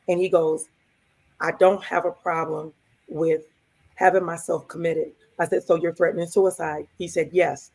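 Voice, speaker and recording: A woman's voice: lowish voice, little pitch movement, normal speed, vocal fry, a little mellow. A woman co-hosting a podcast, telling a personal story casually and quoting the dialogue as she goes. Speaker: podcast co-host.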